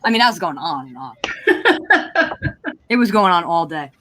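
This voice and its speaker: A woman's voice: fairly low pitch, expressive, fast talker, a bit bright, rough recording. A woman on a video call, telling a funny family story with lots of laughter. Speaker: participant in a friends' video chat. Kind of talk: casual chat.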